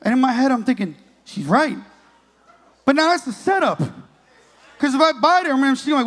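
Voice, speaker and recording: A man's voice: very high-pitched, expressive, normal speed, pauses often, fairly bright tone. A man in his late thirties doing a crude, profane stand-up comedy set on a comedy club stage, working the crowd. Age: 30s.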